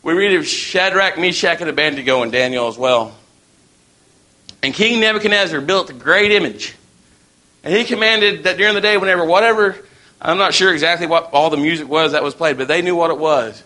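A man's voice: a little high, brisk, pushed and bright. A man preaching a sermon in a folksy, storytelling way.

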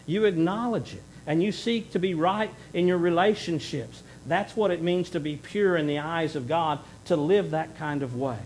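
A middle-aged man preaching a sermon in earnest, rising to loud emphasis and then dropping to a hushed plea. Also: fairly high pitch, normal speed, few pauses, slight background noise, low-quality recording. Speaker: pastor.

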